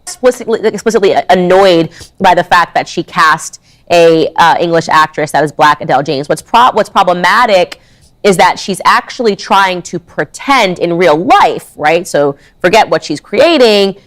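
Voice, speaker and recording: Woman doing a commentary video, lowish voice, sarcastic and chatty. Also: expressive, moderate pace. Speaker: online commentator.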